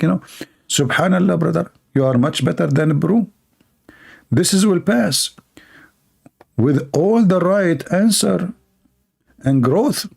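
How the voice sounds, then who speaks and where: Slow, gravelly, sarcastic male commentator. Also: fairly high pitch, a little mellow. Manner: sarcastic, teasing, laughs at his own jokes. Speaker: commentator reading viewer comments. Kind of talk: mocking live-stream commentary.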